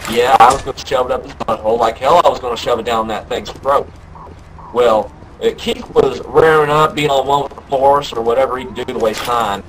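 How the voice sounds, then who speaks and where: A man voicing a rambling young Southern good-ol'-boy who drawls through a story and bursts into yelled quotes, over game voice chat. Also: mid-range voice, fairly even intonation, brisk, a little hiss or hum, lightly acted, poor audio. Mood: tall tale.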